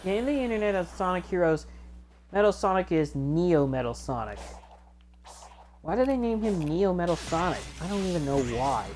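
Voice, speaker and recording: A woman's voice: lowish voice, big pitch swings, normal speed, darkish tone, slight background noise. A woman hosting a let's play video, recapping game scenes in a rambling, self-correcting way and acting out quotes.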